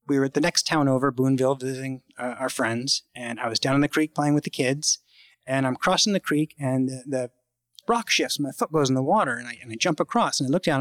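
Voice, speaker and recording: A man telling a true personal story in a casual, halting way, full of fillers and restarts, jumping higher when he acts out quoted lines. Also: no room sound. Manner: acts out quoted lines with sudden high pitch.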